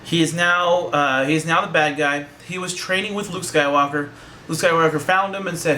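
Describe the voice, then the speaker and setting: A man's voice: on the high side, fairly even intonation, moderate pace, sharp tone, slight background noise. A young man giving a casual, joking, profane movie review that rambles along.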